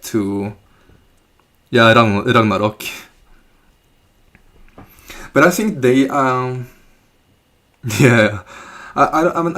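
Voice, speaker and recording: A man's voice: mid-range voice, a bit bright. A man with a Norwegian accent chatting on a live stream, rambling and hesitant as he searches for words. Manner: rambling, hesitant, with fillers and restarts. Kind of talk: casual live stream chat.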